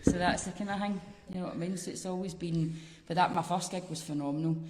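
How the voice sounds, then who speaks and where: A Scottish woman with a fairly low voice talks in casual podcast chat. She tells sweary, animated stories full of asides. The room has a long, echoing reverb. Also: fast, heavy background noise. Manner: sweary, animated storytelling with frequent laughs. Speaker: comedian guest.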